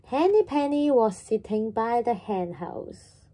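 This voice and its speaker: Lady reading a kids story real slow, warm dark voice, bit husky. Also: on the high side. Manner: slow, animated, sing-song. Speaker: children's storyteller.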